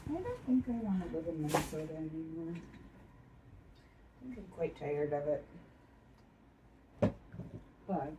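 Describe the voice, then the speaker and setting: A woman's voice: deep voice, sing-song, measured pace, long pauses, noisy background. A tired woman chatting casually with viewers while shuffling tarot cards, joking at her own expense and talking to herself. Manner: chatty and self-deprecating, talks to viewers and herself. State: tired, yawning. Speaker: tarot reader streaming live. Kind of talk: casual live-stream chat.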